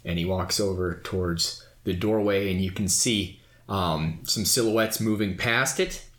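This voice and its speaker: A man's voice: deep voice, measured pace, a bit bright, reverberant. A man running a tabletop game as game master, narrating scenes in a descriptive, loose way.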